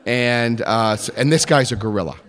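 A man telling a personal story in an animated way, acting out the voices of others. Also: medium pitch, normal speed, in a large hall.

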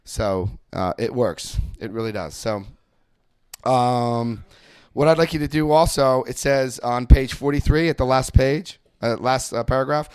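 Man, recovery group speaker, testimony, animated storytelling, repeats phrases, dry sound. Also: mid-range voice, measured pace, clean tone, no room sound. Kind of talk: personal testimony and step study talk.

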